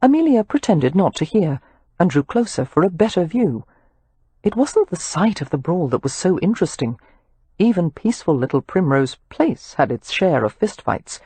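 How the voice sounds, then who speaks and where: A woman narrates an audiobook with lively, expressive storytelling. Her pitch swings widely and her voice has a soft husky grain. The recording is close and bone dry. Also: normal speed, no echo.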